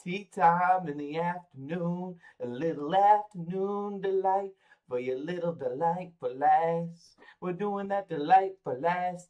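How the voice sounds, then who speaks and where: A man's voice: sits high, takes it slowly, highs cut off. A man hosting a casual live watch-party stream, rambling with playful, crude banter and swearing. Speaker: livestream host.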